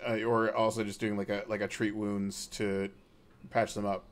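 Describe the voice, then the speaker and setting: A man's voice: on the low side, little pitch movement, moderate pace. A man narrating a tabletop game as game master, in a casual, hesitant way with many fillers.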